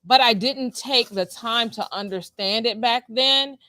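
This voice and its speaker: Woman former principal, animated storyteller. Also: fairly high pitch, a little slow, dry recording. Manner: storytelling, animated, repeats words, laughs often. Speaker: podcast co-host, former school principal. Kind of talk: casual conversational chat.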